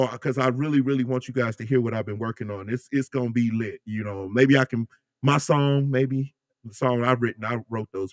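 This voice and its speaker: A man hosting a casual livestream, chatting loosely with his viewers and reading their comments, animated and joking with plenty of slang. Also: medium pitch, dry recording, studio quality. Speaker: livestream host.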